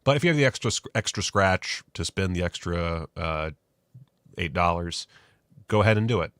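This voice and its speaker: Deep-voiced man rambling casually as host. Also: animated, moderate pace, a bit bright, clear, resonant tone, no room sound, studio quality. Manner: rambling, self-deprecating, loose and profane. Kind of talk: casual live-stream chat.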